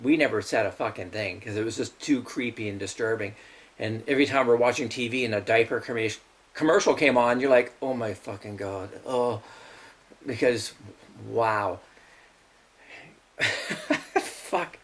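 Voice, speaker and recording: A man's voice: mid-range voice, normal speed, long pauses. A middle-aged man hosting his own show, telling blunt, profane family stories and laughing through them. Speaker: show host. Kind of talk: rambling personal storytelling.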